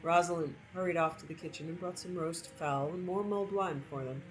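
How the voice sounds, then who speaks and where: A woman narrating a story over gameplay in an expressive reading voice. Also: fairly low pitch, a little fast, music in the background, low-quality recording.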